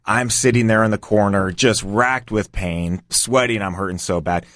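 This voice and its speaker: A man's voice: lowish voice, normal speed, fairly bright tone, no room sound, studio quality. A man casually telling a story, acting out other people's lines. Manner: anecdotal, acts out quotes. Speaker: guest.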